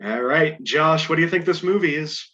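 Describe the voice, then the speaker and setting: A man's voice: on the high side, moderate pace, pushed and bright, dull audio. A man hosting a casual podcast game show, reading clues aloud with playful asides and chuckles.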